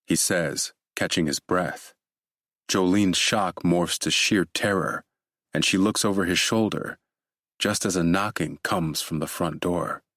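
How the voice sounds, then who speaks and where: A man narrating a thriller audiobook in a steady, measured way. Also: low voice, no room sound, clean studio sound.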